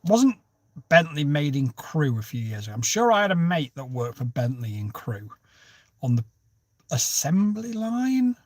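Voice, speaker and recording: His voice is a little high and darkish, with big pitch swings and a measured pace, recorded without echo. As host of a laid-back livestream, he's chatty and jokey, switching topics, answering comments and greeting viewers by name.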